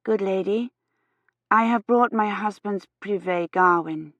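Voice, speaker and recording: A woman reading aloud, voicing a careful, gentle medieval noblewoman who speaks softly. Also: mid-range voice, a little slow, dry recording, close to an everyday voice. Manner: soft-spoken and careful. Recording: slightly dull, dry audio.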